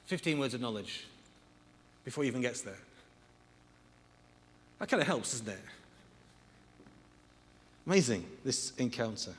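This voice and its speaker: A man's voice: mid-range voice, sing-song, a little slow, long pauses. Guy preaching, counting off points, big echoey hall. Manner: emphatic, counting points aloud. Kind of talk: sermon.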